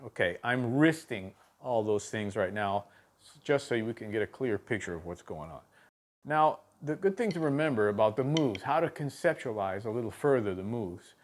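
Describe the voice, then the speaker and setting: A man teaching a drum lesson on video, talking in a halting way with many fillers and counting the strokes aloud. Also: mid-range voice, expressive. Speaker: drum instructor.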